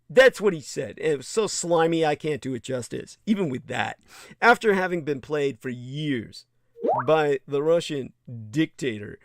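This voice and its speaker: A man with a fairly high voice delivers an indignant livestream monologue. He reads aloud and cuts in with blunt, profane remarks. The sound is close and dry. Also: expressive, moderate pace, dry recording. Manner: indignant, blunt, swears freely. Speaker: livestream host. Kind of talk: monologue reading and commenting.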